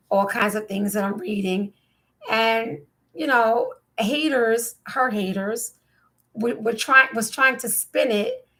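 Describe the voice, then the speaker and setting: A woman from New Jersey talks through the news in a casual, rambling monologue. Her voice sits a little high, and she keeps stacking up incredulous questions. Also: a bit bright. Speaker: podcast host.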